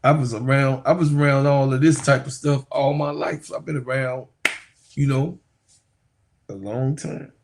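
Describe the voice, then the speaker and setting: A man's voice: medium pitch, fairly even intonation, normal speed, a little mellow, slight background noise. A man casually telling rambling stories to his viewers on a livestream, laughing often and calling them y'all. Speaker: sports YouTuber talking to viewers.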